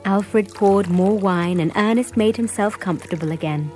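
Woman, story narrator, measured clear reading, mid pitch, soft music behind. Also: low-quality recording.

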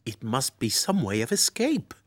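A man reading a story, voicing a young male hero in a softer, hushed tone. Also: mid-range voice, huge pitch swings, normal speed.

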